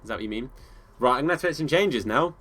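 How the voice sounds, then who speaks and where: A man's voice: mid-range voice, animated, rapid-fire, a bit bright, husky. An English man live-streaming a football video game, commenting on play and answering viewers in a casual, friendly way, calling them bro and mate. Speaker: gaming streamer.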